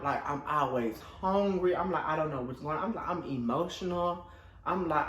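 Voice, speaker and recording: Young male vlogger, animated storyteller, bouncy lively voice, roomy echo. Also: slight background noise. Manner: animated, acts out quotes in a high dramatic voice. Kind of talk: casual storytelling.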